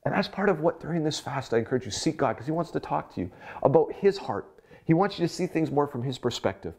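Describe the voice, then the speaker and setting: A man's voice: on the high side, expressive, fast, a little mellow. A middle-aged man, a pastor, giving a conversational devotional sermon with personal stories and acted-out quotes. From Canada. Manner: conversational, storytelling, acts out quoted voices.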